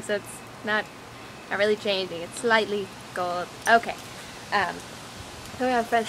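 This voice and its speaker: A young woman chatting casually in a scattered, rambling daily vlog, filmed outdoors on a windy, rainy walk. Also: on the high side. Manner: rambling, scattered, self-deprecating. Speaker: vlogger. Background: wind and outdoor ambience.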